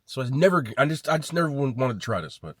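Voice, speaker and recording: A man's voice: mid-range voice, big pitch swings, fast, a bit bright, no room sound. A man reviewing chain restaurant sandwiches in a casual vlog, blunt and swearing freely as he rates them. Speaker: food vlogger.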